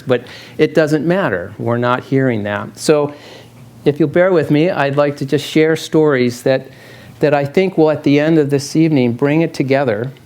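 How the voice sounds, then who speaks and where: A middle-aged man, a field biologist and falconer, giving a casual public lecture with stories, talking in a halting way with many restarts. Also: medium pitch, a little mellow. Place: lecture hall with an audience.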